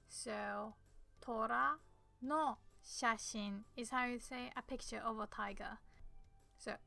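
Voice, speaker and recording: A Japanese woman, a native Japanese speaker, teaches a beginner lesson in a bright, smooth voice with a somewhat high pitch. She explains step by step and repeats each word slowly and patiently. Her Japanese accent stays audible throughout, and the sound is close and dry. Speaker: language teacher.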